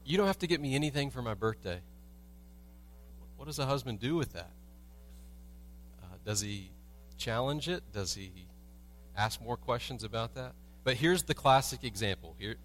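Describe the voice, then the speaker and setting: A pastor in a church sanctuary preaches with a fairly low, fairly bright voice, with slight background noise. He tells everyday stories with humor and poses rhetorical questions to the congregation.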